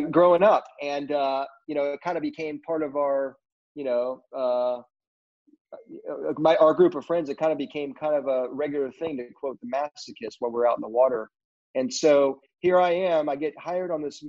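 A middle-aged man spins a casual, meandering story, pausing often on fillers and restarts. His voice sits at an ordinary pitch for a man. The recording is a bit dull and lo-fi. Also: a little mellow. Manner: rambling, heavy on fillers like "you know". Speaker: film crew guest.

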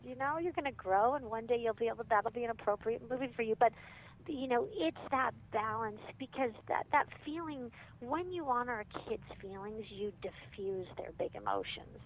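A woman's voice: fairly high pitch, normal speed. A woman, a parenting author, chatting casually in an interview and acting out what parents and kids say. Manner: animated, acts out quoted parents and kids. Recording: phone-line audio with faint noise.

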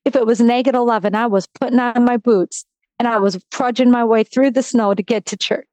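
A middle-aged woman from Wisconsin, a podcast guest telling her faith story in an emphatic, animated way. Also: on the high side, a little fast, dry recording, low-quality recording. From Wisconsin, USA. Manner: emphatic, animated storyteller acting out her own past words. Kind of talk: personal faith testimony.

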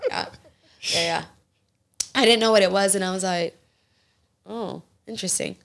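A young woman hosting a podcast, chatting casually and telling stories in an animated way. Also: mid-range voice, moderate pace. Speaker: podcast host. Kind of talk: casual chat.

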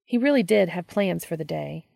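A woman reading a story aloud in a calm, steady manner. Her voice is deep and very gravelly, recorded dry with no room sound. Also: normal speed, dry recording. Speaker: narrator. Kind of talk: audiobook reading of fan fiction.

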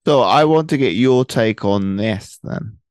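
A man's voice: mid-range voice, expressive, measured pace, darkish tone, no echo. A man hosting an interview, asking long, rambling questions with many restarts. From North Wales. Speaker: podcast host. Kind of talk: casual interview.

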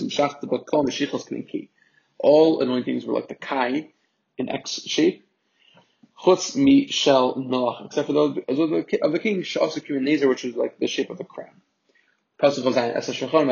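A man's voice: mid-range voice, creaky, a little mellow. A man teaching a religious text, reading short Hebrew phrases and translating each into English, often repeating words as he searches for the translation. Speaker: Torah teacher. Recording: dull lo-fi recording.

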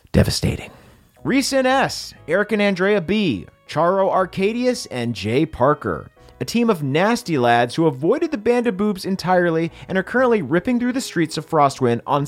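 Comic host reading credits, dry asides, bouncy higher voice, faint music bed. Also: male voice. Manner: wry, deadpan one-word asides after each entry. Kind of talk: comedic scripted credits reading.

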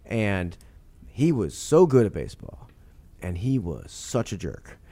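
Rambling, animated man telling stories. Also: lowish voice, a little slow. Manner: rambling, animated, laughs often, many restarts. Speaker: author guest. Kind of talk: podcast interview storytelling.

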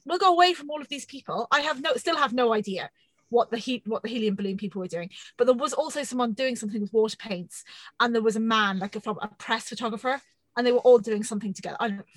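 Woman, thirties, bright forceful voice, high-pitched, dry close sound, animated storyteller. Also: no echo, low-quality recording. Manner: animated, swearing, self-mocking. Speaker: podcast co-host. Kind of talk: casual storytelling chat.

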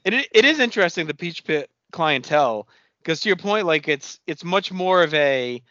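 A man co-hosting a podcast, chatting casually as he recaps a TV episode in a relaxed, filler-heavy way. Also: fairly high pitch, moderate pace, dry recording, dull audio. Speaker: podcast co-host.

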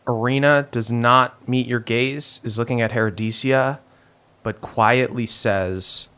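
A man narrating as game master of a tabletop role-playing game, relaxed and descriptive with frequent fillers. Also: mid-range voice, measured pace, clear, resonant tone. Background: soft background music.

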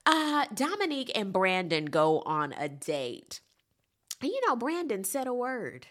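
A woman's voice: mid-range voice, very animated, measured pace, a bit bright. A woman giving a casual, sassy recap of a reality show, talking emphatically and throwing in chatty asides to the viewer.

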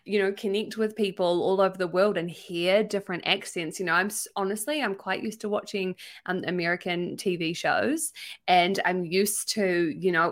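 A woman's voice: fairly low pitch, a bit bright. A young woman with a New Zealand accent hosting a podcast, talking in an enthusiastic, effusive way. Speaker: podcast host. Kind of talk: casual podcast interview.

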